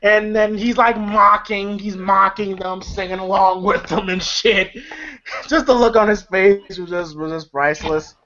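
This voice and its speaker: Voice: medium pitch, steady tone, a little slow, sharp tone. A movie reviewer recaps a comedy film in a loose, rambling way, trailing off into fillers and breaking into laughs. The recording sounds dull and lo-fi, with the top end missing.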